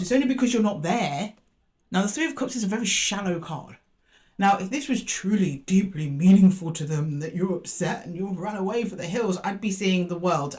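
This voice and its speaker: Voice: medium pitch, a little mellow. A tarot reader giving a casual reading to camera, dramatic and chatty with indignant asides.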